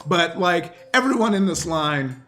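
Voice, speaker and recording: A man's voice: a little high, animated, measured pace, noisy background. A man narrating as game master, loose and rambling, with lots of fillers. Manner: loose, rambling narration with many fillers, breaking into loud voices for characters.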